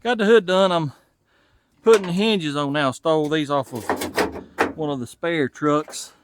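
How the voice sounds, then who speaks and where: A Southern-accented channel host from Tennessee works on an old truck in his garage, chatting to the camera and musing aloud as he goes. He speaks at a measured pace in a fairly high voice, with some background noise.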